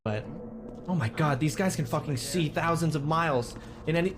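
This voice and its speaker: A man streaming a game, excitable and cursing, shouting at what happens on screen. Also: fairly high pitch, moderate pace, noisy background. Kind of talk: casual gameplay commentary.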